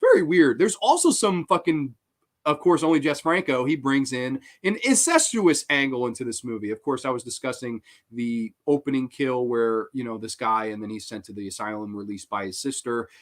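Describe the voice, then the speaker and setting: A man hosting a horror film review show, talking casually in an excitable, profane way. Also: mid-range voice, normal speed.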